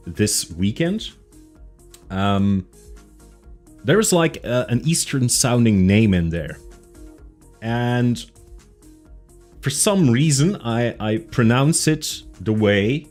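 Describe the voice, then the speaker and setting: Guy streamer chatting slow and low, lots of um and like, faint music under it. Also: a little mellow. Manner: rambling, self-interrupting with tangents and fillers. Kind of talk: casual chat with live chat.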